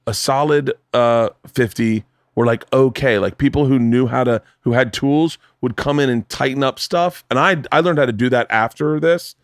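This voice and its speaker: A man's voice: mid-range voice, moderate pace, few pauses, no echo, studio quality. A man in his forties hosting a podcast, telling a story with plenty of swearing and acted-out quotes. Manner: animated storyteller, swears a lot, acts out quotes. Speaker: podcast host. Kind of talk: casual chat. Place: home studio.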